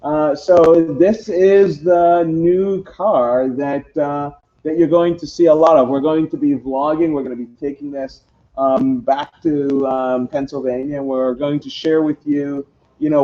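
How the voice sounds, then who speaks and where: A man's voice: fairly high pitch, steady tone, a little slow, warm tone. A man hosting a casual car walkaround livestream, chatty and rambling with many fillers. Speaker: host. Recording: dull lo-fi livestream audio, faint noise.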